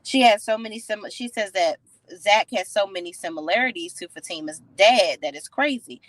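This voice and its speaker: A woman recapping a TV episode in a sassy, opinionated way, full of lively asides. Her voice sits in a middle range and sounds dry and close, with no room around it. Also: mid-range voice, moderate pace, dry recording, rough recording. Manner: sassy, opinionated, animated retelling. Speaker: TV show recap reviewer. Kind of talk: casual episode recap and commentary.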